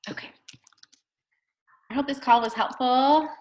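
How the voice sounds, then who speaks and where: A woman's voice: high voice, a little slow. A woman leading a casual team video call as a fitness coach, chatty and upbeat, full of fillers and acted-out quotes.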